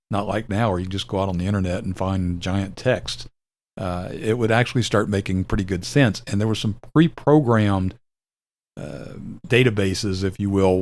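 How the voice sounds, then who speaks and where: Older guy w a lowish voice, chill rambly explainer demoing old software, lots of uhs. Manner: relaxed, rambling, with fillers and self-corrections. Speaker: video host demonstrating retro software. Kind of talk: casual explanatory demo.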